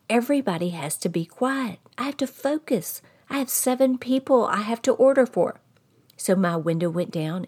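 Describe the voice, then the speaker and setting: Folksy Texan grandmother telling a story. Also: lowish voice. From Texas. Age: middle-aged. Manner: folksy, animated, talks straight to the listeners. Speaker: podcast host. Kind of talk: storytelling monologue.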